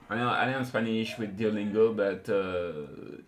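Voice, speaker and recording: Male streamer, French native, slow and halting, lowish voice. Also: a bit bright. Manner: halting, searching for words, many restarts. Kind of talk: casual live-stream commentary.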